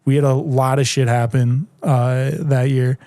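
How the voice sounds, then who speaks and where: A man in his twenties, a podcast guest telling stories in casual chat, animated and full of "like" fillers. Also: mid-range voice, unhurried, no echo, clean studio sound. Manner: animated storyteller, heavy "like" filler.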